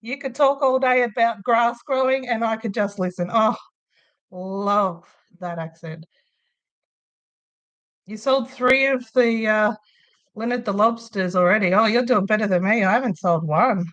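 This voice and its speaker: A woman's voice: on the high side, a little slow, pauses often, fairly bright tone, lo-fi sound. An Australian woman hosting a crochet livestream from a room at home, chatting casually and rambling, with frequent laughs. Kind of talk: casual chat while crocheting.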